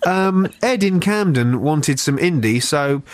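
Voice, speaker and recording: A man co-hosting a radio show, chatting casually, telling rambling jokey anecdotes and slipping into quick voices. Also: mid-range voice, big pitch swings, dry recording. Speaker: radio co-host. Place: radio studio. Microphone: studio mic.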